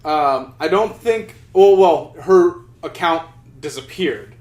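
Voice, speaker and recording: A man's voice: fairly high pitch, animated, slow pace, darkish tone, dull audio. A young man co-hosting a podcast, telling a rambling story in casual chat, full of restarts and swearing. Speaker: podcast co-host. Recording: roomy echo.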